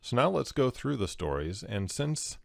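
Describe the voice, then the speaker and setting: A man hosting a show, calmly explaining body-language clues step by step. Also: mid-range voice, normal speed, vocal fry, no echo, studio quality. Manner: calm, instructive, step-by-step. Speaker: host analysing body language. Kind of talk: explanatory commentary.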